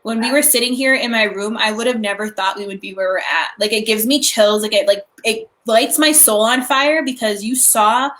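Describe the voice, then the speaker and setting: A young woman with a somewhat high voice co-hosts a relaxed live stream. She talks in an excitable, gushing way and strings her thoughts together with frequent fillers. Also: moderate pace, few pauses. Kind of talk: casual chat.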